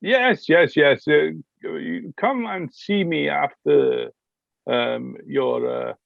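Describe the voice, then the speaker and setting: A man voicing a pompous, hesitant duke who speaks haltingly. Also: a little high, big pitch swings, gravelly, no room sound, highs cut off, heavily acted. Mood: haughty. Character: pompous foreign-accented duke, male, middle-aged.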